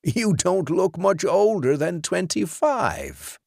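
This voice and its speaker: A gracious, formal old grandfather in a horror storybook, voiced by a male narrator. He speaks in an unhurried, courtly way, his gravelly voice rising and falling with lively pitch. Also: dry recording, studio quality, exaggerated voice. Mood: courteous.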